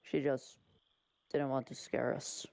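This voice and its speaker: A woman voicing a caring young man who speaks softly and hesitantly. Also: rumbling low, flat delivery, takes it slowly, gravelly, dry recording, heavily acted. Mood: concerned. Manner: soft, hesitant. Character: gentle caring young man, worried companion.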